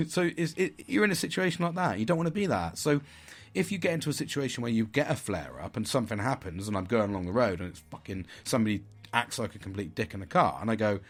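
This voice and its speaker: A middle-aged man talks straight to camera in a candid vlog. He is blunt and swears freely, and he breaks into vivid acted-out outbursts. His voice sits at an ordinary middle pitch. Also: lively intonation, quick pace. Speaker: vlogger. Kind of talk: candid monologue.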